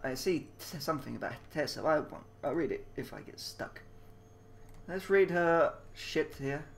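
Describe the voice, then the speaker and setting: Gravelly man reading a mystery game. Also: on the high side, animated, moderate pace, faint music behind. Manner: crude, confused, mocking asides. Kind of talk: casual game commentary.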